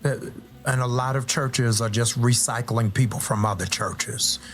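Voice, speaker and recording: A man who is a pastor, talking on a podcast in a relaxed, jokey way, often chuckling. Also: mid-range voice, normal speed, faint music behind. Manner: laid-back, jokey, chuckling storyteller. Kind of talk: podcast interview.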